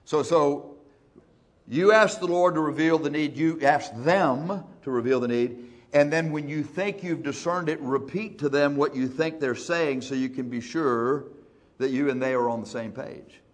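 Guy preaching in church, folksy and punchy, speeds up then drags words out. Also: a little high. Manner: folksy, emphatic, shifting between fast and slow. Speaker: pastor. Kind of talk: sermon.

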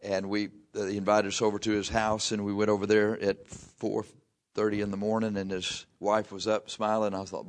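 An older man preaching a folksy sermon, reading scripture slowly and telling homespun stories. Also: lowish voice, flat delivery. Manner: slow, drawn-out scripture reading mixed with chatty anecdotes.

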